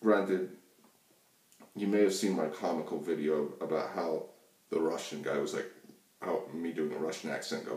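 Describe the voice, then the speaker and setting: Man, very deep voice, rambling profane political rant, roomy echo, distant mic. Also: fairly even intonation, normal speed, pauses often, darkish tone. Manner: rambling, profane, many fillers and restarts. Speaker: channel host. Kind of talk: casual political rant to camera. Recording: echoey room, mic far off.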